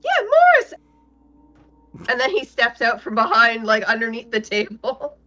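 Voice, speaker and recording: A woman playing a tabletop game, chatting in character, with a bright and very lively voice. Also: a little high, moderate pace. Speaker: player. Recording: dull distant sound with faint music.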